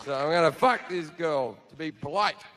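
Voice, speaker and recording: A man's voice: fairly high pitch, moderate pace, noisy background. A man telling a stand-up comedy story to a laughing audience in a brash, profane, self-mocking way.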